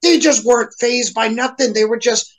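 A man's voice: very high voice, moderate pace, low-quality recording. A man in a casual podcast chat, ranting heatedly with constant swearing and mocking impressions of other people. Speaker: podcast guest. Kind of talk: profane casual rant.

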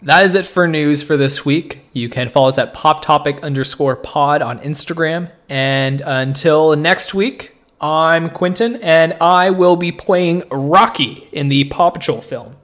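A man co-hosting a podcast in casual chat, joking and rambling with quick asides. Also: fairly high pitch, fairly bright tone. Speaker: podcast co-host.

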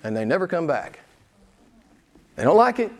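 Emphatic high-pitched male preacher. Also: normal speed. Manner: emphatic, rising to high excited peaks, pressing questions on listeners. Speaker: pastor. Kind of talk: sermon. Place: church.

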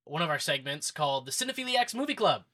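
A man's voice: fairly high pitch, big pitch swings, fast talker, pushed and bright. A man hosting a casual podcast conversation, talking with many fillers and restarts. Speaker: podcast host.

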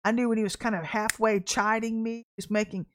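A woman's voice: on the high side, fairly quick, slight background noise. A woman giving a casual podcast sermon, telling stories with laughter and acting out quoted voices. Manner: animated storytelling with laughter and acted quotes. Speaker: podcast preacher.

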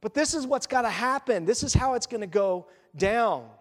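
A man preaching a sermon as pastor, conversational and animated, with quick asides to the congregation. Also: very high voice, long reverb tail.

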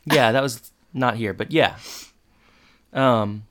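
A man co-hosting a podcast, casually recapping a TV episode and acting out the characters' lines as he goes. His voice sits at an ordinary middle pitch. He keeps the retelling loose and conversational. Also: takes it slowly, a bit bright. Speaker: podcast co-host.

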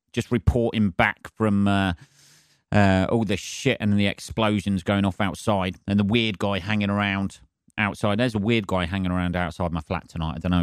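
A low-pitched man rambles through his solo podcast with sarcastic, sweary banter. His voice is smooth and clear, recorded dry on a decent mic at home. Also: dry recording. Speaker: podcast host. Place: his flat. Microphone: decent studio mic.

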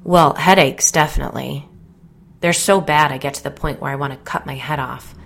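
A woman's voice: sits low, normal speed, creaky, fairly bright tone, a little hiss or hum. A woman reading an audiobook, voicing a troubled, volatile young man who speaks anxiously and earnestly. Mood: uneasy.

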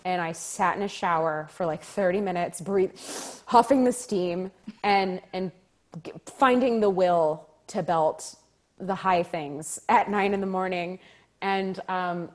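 A woman actor telling a story as an interview guest, animated and quick to laugh, acting out the lines she quotes. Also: on the low side.

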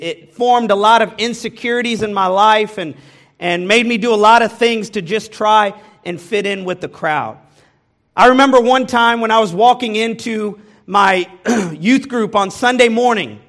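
A man's voice: very high-pitched, a bit bright. A man from the American Midwest, a pastor giving a candid sermon, telling personal stories and speaking straight to his congregation with self-deprecating humor.

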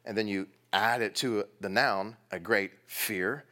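A man's voice: on the low side, fairly even intonation, a little slow, bright, forceful tone. A man preaching a sermon as pastor, talking casually, laughing now and then and stressing some words strongly. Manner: conversational preaching with laughs and sudden bursts of emphasis.

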